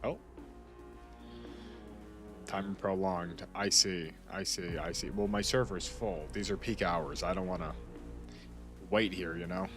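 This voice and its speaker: Over background music, a gaming streamer speaks slowly in a low voice, pausing often. The young man keeps up casual commentary on his video game, rambling, interrupting himself, and addressing a friend off-mic.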